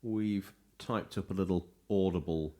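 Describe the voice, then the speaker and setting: A man's voice: low-pitched, unhurried, dark tone. A man co-hosting a casual gaming podcast, teasing his co-host and slipping into hammy voice impressions. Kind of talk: jokey casual podcast chat.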